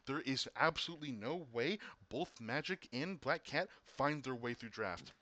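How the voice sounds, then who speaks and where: A man casting an esports match, excitable, often repeating and restarting words, his voice getting worn. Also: mid-range voice, moderate pace, no echo. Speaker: esports caster. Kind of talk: casual esports commentary.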